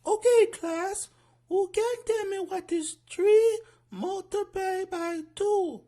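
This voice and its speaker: A performer voicing a strict female schoolteacher with a Jamaican accent in a cartoon, shrill and scolding. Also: slow, mellow. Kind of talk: animated cartoon voice acting.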